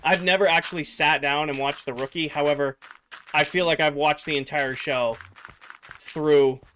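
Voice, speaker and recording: Young man, game streamer, casual rambling chat, slightly high pitch, faint background noise. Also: fairly even intonation, moderate pace, sharp tone. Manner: rambling, filler-heavy, answering chat. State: losing his voice. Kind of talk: casual livestream chat with viewers.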